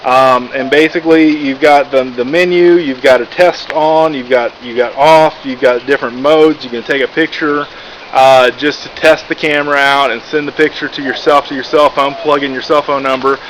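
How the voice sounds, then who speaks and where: A man's voice: mid-range voice, steady tone, moderate pace, a bit bright, low-quality recording. A man from Texas giving a casual, rambling product review, full of "uh" and "basically", with lots of restarts. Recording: background noise.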